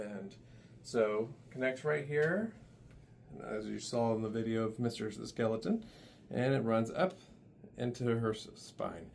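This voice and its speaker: Guy with a gravelly voice talking thru a massage demo, laid back and chatty, faint hum behind. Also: medium pitch. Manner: casual, loose, chuckling asides. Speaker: massage therapist. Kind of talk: hands-on instructional demo. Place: massage room.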